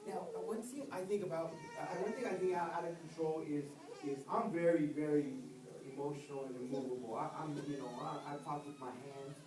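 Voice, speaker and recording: Older male preacher, dramatic sermon, loud bursts and hushed lows, echoing church, heard from afar. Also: a little fast, few pauses, crowd noise. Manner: dramatic, swings between loud outbursts and hushed low tones. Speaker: evangelist preacher. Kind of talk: impassioned sermon. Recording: echoey church, distant mic.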